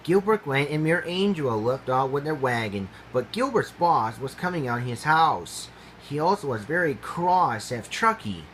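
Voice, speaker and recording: A man reading his own animal storybook aloud, halting and ungrammatical. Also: a little high, sing-song, a bit bright, a little hiss or hum, rough recording.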